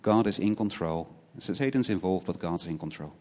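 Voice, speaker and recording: Male preacher, lowish voice, earnest, rhetorical questions, word-repeating restarts, long church-hall reverb. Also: animated, moderate pace, darkish tone. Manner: asks many rhetorical questions, tagging points with "right?". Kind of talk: sermon.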